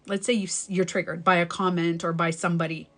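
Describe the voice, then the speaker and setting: A woman's voice: lowish voice, level tone, fast talker, fairly bright tone. Candid swearing woman life coach, emphatic. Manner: rambling with self-corrections. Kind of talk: live-stream advice talk.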